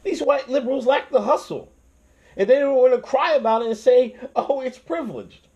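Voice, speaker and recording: A man's voice: very high-pitched, a little fast, muffled recording. A young man hosting his own channel, ranting in casual commentary with lots of swearing and restarts. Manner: profane, animated ranting with restarts and laughs.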